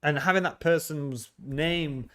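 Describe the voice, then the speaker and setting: A man's voice: on the high side, slow pace, fairly bright tone. Chatty man teasing his viewers. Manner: chatty, teasing, laughs often, frequent restarts. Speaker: livestream host. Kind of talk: casual livestream chat reading viewer comments.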